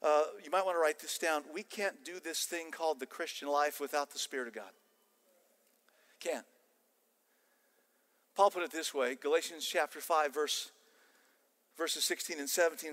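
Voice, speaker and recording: Bright-voiced older American pastor preaching. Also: male voice, on the high side, moderate pace, pauses often. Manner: animated, emphatic preaching with asides. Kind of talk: sermon. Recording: long church-hall reverb.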